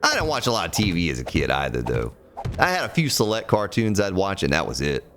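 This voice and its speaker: A man's voice: deep voice, wildly swooping pitch, fast talker, background noise. A man chatting casually and ramblingly while streaming a building game. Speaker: gaming streamer. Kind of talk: casual let's-play commentary.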